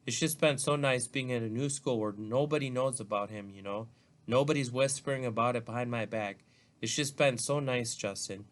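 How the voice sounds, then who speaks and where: A man's voice: medium pitch, normal speed, natural voice. A man reading as a tearful teen girl. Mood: upset. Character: upset teenage girl, defensive and tearful. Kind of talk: reading a novel aloud.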